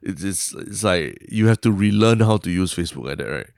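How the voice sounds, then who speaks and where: A man's voice: low voice, animated, a little fast, vocal fry, darkish tone, clean tone, dry recording, clean studio sound. A young man with a Singaporean English accent co-hosting a podcast, chatting casually and rambling, often trailing off and adding "lah". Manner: rambling, self-interrupting, frequent "lah" and "like". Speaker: podcast co-host.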